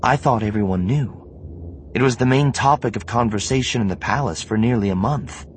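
Male narrator doing a calm, kind woman leader in an audiobook; soft and pitched up. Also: fairly quick, a little hiss or hum, close to an everyday voice. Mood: gentle. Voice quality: soft and gentle. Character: gentle, probing woman leader. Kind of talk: audiobook character voice.

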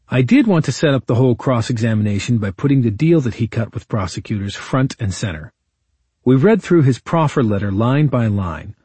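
A man narrating a memoir audiobook in a measured, wry storytelling manner, as a defense lawyer recounting events. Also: on the low side, mellow, husky, no echo.

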